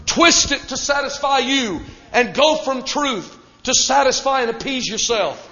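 A man's voice: very high voice, lively intonation, measured pace, hardly any pauses, pushed and bright. A Pentecostal man preaching a sermon in a fervent, emphatic way, repeating key phrases for weight. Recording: dull recording in a reverberant hall.

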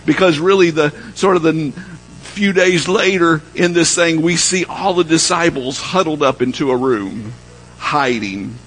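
A man preaching a sermon, telling a story and dropping low and soft when he quotes the people in it. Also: slight background noise, low-quality recording. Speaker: pastor.

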